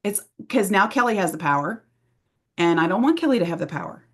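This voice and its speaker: A woman giving a motivational sales training talk, acting out little scenes in high, playful voices. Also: expressive, fast talker, a bit bright. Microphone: presenting to a camera audience.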